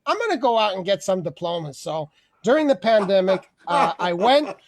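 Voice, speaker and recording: A man's voice: high voice, very animated, normal speed, slight background noise. A man hosting an online open mic over a video call, rambling through a comic rant, laughing often and swearing freely. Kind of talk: casual comedic rant.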